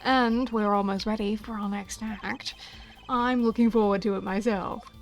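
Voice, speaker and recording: A woman's voice: medium pitch, steady tone, moderate pace, soft background music, close to an everyday voice. A woman voicing a suave, self-assured male rock-star prosecutor while reading game dialogue aloud. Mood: smooth.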